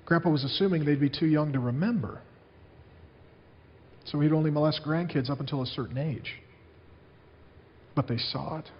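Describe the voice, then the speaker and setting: A man's voice: a little high, moderate pace, pauses often, big-room sound, muffled recording. A man preaching a sermon as a pastor, telling stories to his congregation in an earnest way.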